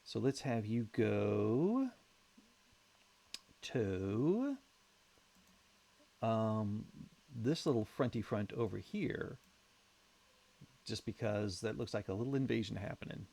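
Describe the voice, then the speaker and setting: A man's voice: on the low side, sing-song, slow, gravelly, long pauses, mellow. A man commentating his own strategy game as he plays, thinking aloud in a wry, chatty way with self-mocking humour. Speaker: let's play host.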